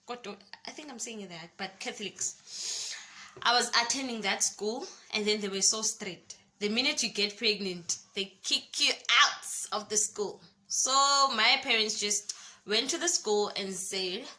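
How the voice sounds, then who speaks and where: Slow, bright South African young woman. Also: medium pitch. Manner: expressive storytelling, addresses viewers as guys. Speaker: YouTuber. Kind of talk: personal storytime vlog.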